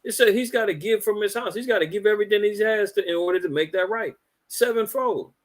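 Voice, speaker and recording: A man's voice: high voice, fast talker. A man hosting a religious commentary podcast, talking in an indignant, preachy way and rambling with repeated words. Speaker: podcast host.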